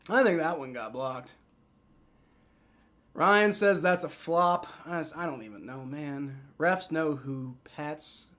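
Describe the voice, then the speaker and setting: High, bright-voiced man ranting at refs. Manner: excitable, swearing, shouting in outrage at refs. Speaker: livestream football reaction host. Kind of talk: live sports reaction commentary.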